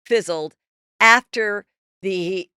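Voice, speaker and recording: A woman's voice: mid-range voice, drawn-out words, clean tone, no room sound, studio quality. Chatty gossiping woman podcast host. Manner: chatty, gossipy, animated storytelling. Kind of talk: casual celebrity gossip chat.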